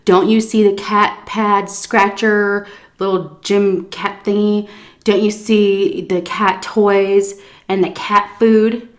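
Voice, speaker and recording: A woman voicing a snotty, impatient older woman in a spoken story, asking slow, pointed, scolding questions. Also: on the low side, expressive, lightly acted.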